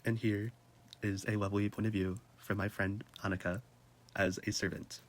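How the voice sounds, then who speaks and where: Slangy, animated young man. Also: lowish voice, normal speed. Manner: animated and slangy, laughs mid-sentence. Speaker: presenter. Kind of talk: casual comedic chat.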